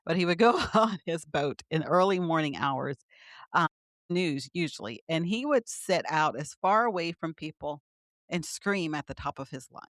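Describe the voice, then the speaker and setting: A woman's voice: deep voice, animated, normal speed, no room sound, studio quality. A middle-aged woman, a physician guest, explaining ideas earnestly in conversation with light laughs. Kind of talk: conversational interview.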